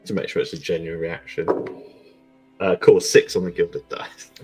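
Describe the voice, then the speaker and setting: Chatty low-voiced man at a game table. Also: level tone, normal speed, a little mellow, faint music behind. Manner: chatty, laughing asides. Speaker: player. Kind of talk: casual tabletop play.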